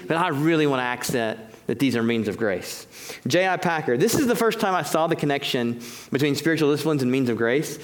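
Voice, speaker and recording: A man preaching a teaching sermon, emphatic and conversational, slowing down to stress key phrases. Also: fairly high pitch.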